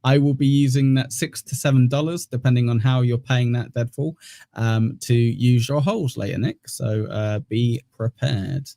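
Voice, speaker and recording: A young man co-hosts a casual clip-review show, cracking crude jokes and laughing between lines. His voice sits at a middle pitch and is recorded dry and close, with no room sound. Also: fairly even intonation, moderate pace, vocal fry, dark tone, no room sound. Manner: laughs often, teasing and crude, reads out donations. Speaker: podcast co-host. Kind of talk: crude casual banter reacting to clips.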